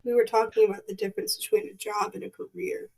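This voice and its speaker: A woman's voice: a little high, big pitch swings, fast, creaky, darkish tone, husky. A young woman co-hosting a podcast, chatting casually, teasing and laughing easily. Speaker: podcast co-host.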